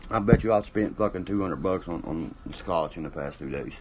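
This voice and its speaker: Deep-voiced profane man. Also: brisk, noisy background. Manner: profane, boastful, rambling; drinking while talking. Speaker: livestream host. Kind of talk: casual livestream chat.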